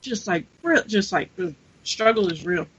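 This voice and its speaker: Bright, husky woman on a dull lo-fi podcast mic. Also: medium pitch. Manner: expressive, quick to laugh. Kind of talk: casual chat. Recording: dull lo-fi sound.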